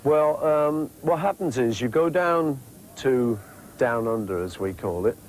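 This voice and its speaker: A man's voice: mid-range voice, lively intonation, a little slow, a little mellow, rough recording. A man in his fifties with a Liverpool accent talks through an interview at an easy, rambling clip, tossing in playful asides. A faint hiss sits under the voice. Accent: Liverpool English. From England. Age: 50s. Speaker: interviewee, musician. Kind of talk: relaxed interview chat.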